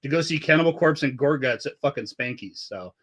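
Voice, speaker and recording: A podcast host from Southern California tells loose, profane stories in casual chat and laughs often. His medium-pitched voice is animated and fairly quick, with a noisy background.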